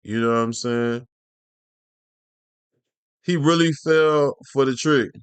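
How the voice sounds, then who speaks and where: A man's voice: medium pitch, slow, clean tone, no room sound. A man giving casual reaction commentary, loose, profane and joking in slang. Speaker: YouTube commentator.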